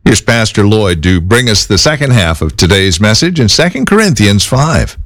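A man reading a scripted radio announcement in a measured, deliberate way. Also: on the low side, sing-song, a bit bright, no room sound, clean studio sound.

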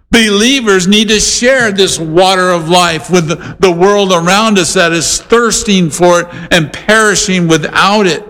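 A man preaching a sermon, animated and conversational, with playful voiced asides. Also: high-pitched, a little slow, long reverb tail. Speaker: pastor.

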